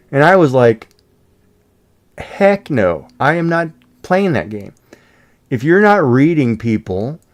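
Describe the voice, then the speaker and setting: A man's voice: mid-range voice, darkish tone. A man streaming and chatting casually, rambling with lots of fillers and restarts. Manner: rambling, many "you know" fillers and restarts. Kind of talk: casual live-stream chat.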